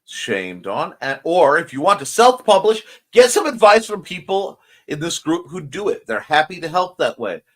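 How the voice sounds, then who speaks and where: Sleepy and yawning, the host of a morning livestream show chats from his home room beside a window, joking, rambling, greeting viewers and reading comments. His voice runs on the high side with big pitch swings, at normal speed and hardly pausing.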